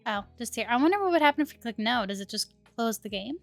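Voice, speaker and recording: A woman's voice: fairly high pitch, expressive, fast talker. A young woman streaming a game, chatting casually and reading the game's text aloud in an amused way. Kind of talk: casual let's-play commentary. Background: faint lo-fi music.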